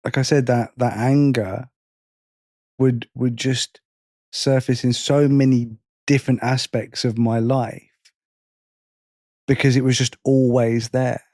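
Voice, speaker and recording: A man co-hosting a podcast, talking casually in halting restarts and swearing freely. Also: mid-range voice, level tone, darkish tone, no echo, clean studio sound. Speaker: podcast co-host.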